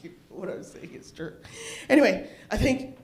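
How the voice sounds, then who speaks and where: A middle-aged woman doing a stand-up comedy set, profane and animated, laughing at her own jokes. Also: mid-range voice, normal speed, echoey room, faint music behind. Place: bar open mic stage.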